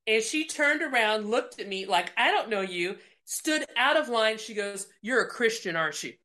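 A woman telling a lively faith testimony, laughing and acting out the voices in her story. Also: on the high side, moderate pace. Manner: animated, laughing, acts out dialogue. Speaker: guest speaker. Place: lounge at home.

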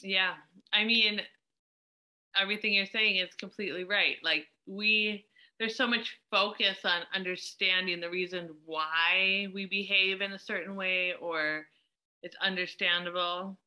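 A woman's voice: medium pitch, fairly even intonation, measured pace, pushed and bright, poor audio. A woman in casual conversation who speaks emphatically and poses questions.

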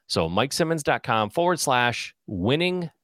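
A man's voice: mid-range voice, sing-song, measured pace, fairly bright tone, dry recording, clean studio sound. A man hosting a live podcast Q and A, talking casually with many fillers and some self-mocking jokes. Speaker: podcast host.

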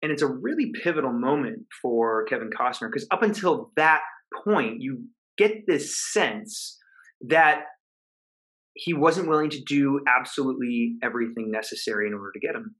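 A man, a coach and podcast guest, recounting a story in an earnest, measured way with pauses. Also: mid-range voice, expressive, a bit bright, rough recording. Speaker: guest, high-performance coach. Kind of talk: storytelling interview answer.

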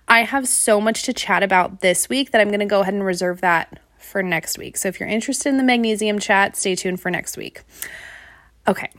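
A woman's voice: mid-range voice, brisk, fairly bright tone, no room sound, studio quality. Chatty woman podcast host. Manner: chatty, laughs often, storytelling. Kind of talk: casual solo podcast chat.

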